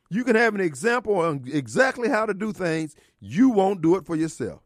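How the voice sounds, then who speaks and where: A man's voice: sits high, very animated, moderate pace, few pauses, no room sound, studio quality. A man with a Mississippi accent hosting a call-in radio talk show, blunt and preachy, with frequent laughs. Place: radio studio.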